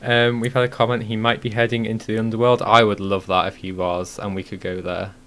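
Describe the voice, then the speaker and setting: A woman co-hosting a casual gaming podcast, who laughs often and speaks in quick asides. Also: rumbling low, level tone, a bit bright. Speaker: podcast co-host.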